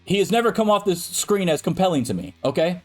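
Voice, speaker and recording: High-pitched male podcast co-host, heated, cursing ranter, emphatic delivery. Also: expressive, fast talker, faint music behind. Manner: ranting, profane, emphatic. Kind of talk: heated debate.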